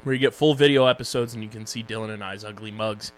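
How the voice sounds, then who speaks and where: With a lowish, steady voice and a quick pace, a young man co-hosts a laid-back podcast about streaming shows. He cracks loose jokes as he gets through the social plugs and sponsor reads.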